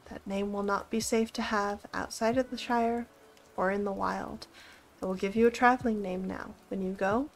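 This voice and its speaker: A woman's voice: mid-range voice, fairly even intonation, normal speed, slight background noise, lightly acted, rough recording. Woman reading as a stern old wizard. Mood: earnest. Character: stern old male wizard, grave and commanding. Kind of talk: storybook reading.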